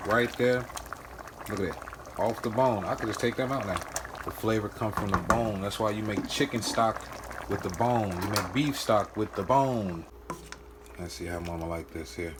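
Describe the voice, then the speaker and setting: Male home cook, low voice, joking vlog commentary, home kitchen, faint boiling in the background. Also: noisy background. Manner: playful, joking, with drawn-out sounds and soft asides. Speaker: home cook teaching his nephew. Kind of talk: casual cooking vlog commentary.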